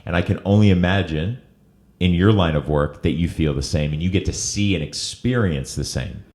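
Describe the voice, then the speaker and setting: A man's voice: low voice, normal speed, darkish tone. A middle-aged man hosting an interview, telling a personal story in an earnest, emotional way. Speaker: host.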